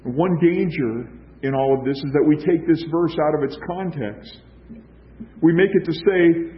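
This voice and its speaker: A man's voice: a little high, moderate pace. A man preaching a sermon as a pastor, emphatic, with rhetorical questions and repeated phrases. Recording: dull lo-fi recording.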